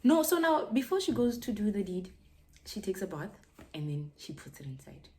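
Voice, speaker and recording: A young South African woman with a South African accent, telling a gossipy story in a casual vlog and dropping into hushed whispers now and then. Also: mid-range voice, very animated, normal speed. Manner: gossipy, drops to hushed whispers, mixes English with Setswana. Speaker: YouTuber.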